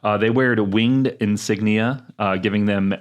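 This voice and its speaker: Low-voiced man reading game notes on a podcast. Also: moderate pace. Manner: relaxed, joking, reads game notes aloud. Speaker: podcast co-host. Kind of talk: casual gaming podcast chat.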